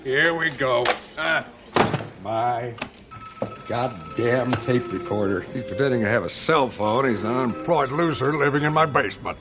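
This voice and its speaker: A gruff, sarcastic older father, played by a man, berating his grown son in a comedy film. His voice sits at a middle pitch over loud background music. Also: animated, unhurried, lightly acted. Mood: irritated. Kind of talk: film dialogue.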